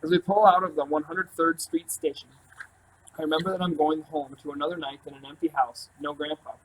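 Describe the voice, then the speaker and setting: A man reading a first-person novel aloud in a calm, even storytelling voice. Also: fairly high pitch, a little fast, slight background noise, low-quality recording. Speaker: audiobook narrator. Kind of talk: first-person audiobook narration.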